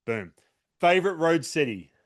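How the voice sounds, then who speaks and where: A male podcast host firing off quick interview questions, laughing often and tripping over his words. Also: fairly high pitch, very animated. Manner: laughs often, stammering restarts, playful. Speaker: host, former pitcher. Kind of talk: rapid-fire interview questions.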